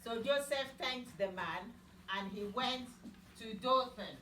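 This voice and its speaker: A Bible teacher tells a Bible story to children, speaking slowly in simple words and stopping to ask them questions. Her voice is a little high, pushed and bright. The recording comes from an echoey room far from the mic, with slight background noise.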